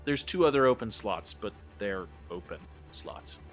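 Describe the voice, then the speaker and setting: Low-voiced man running a tabletop game. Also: unhurried, soft background music. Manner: relaxed, rambling narration with many fillers. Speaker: game master.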